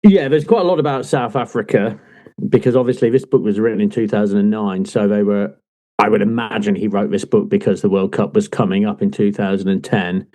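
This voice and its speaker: A man co-hosting a casual football book podcast, talking in an animated way with plenty of swearing and laughter. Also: on the low side, brisk. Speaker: podcast co-host. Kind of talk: casual chat.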